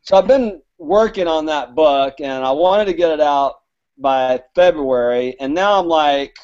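Unhurried and a little high, this Alabama author's voice has a darkish, clear, resonant tone. Heard through dull lo-fi audio, he wanders through talkative anecdotes as an interview guest, voicing the people he quotes.

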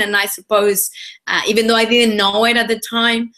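A woman's voice: on the high side, normal speed. A woman from Mexico with a Spanish accent, telling her story earnestly as an interview guest on a video call, with many "you know"s. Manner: animated, earnest storytelling with frequent fillers. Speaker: women's leadership coach.

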